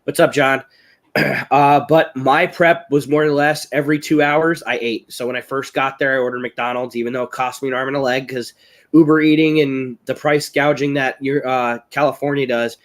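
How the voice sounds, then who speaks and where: Speaking at a normal speed and ordinary pitch, an American man who is a chili-eating champion joins a live webcam stream as a guest while a little unwell, his voice strained. His casual, rambling storytelling turns excitable and loud when the tale heats up.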